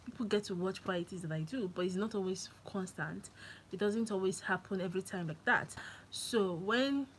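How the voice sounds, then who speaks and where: A woman's voice: mid-range voice, a little hiss or hum, poor audio. Chatty woman live streaming from her phone. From Nigeria. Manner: chatty and excitable, laughs often. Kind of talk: casual live-stream chat.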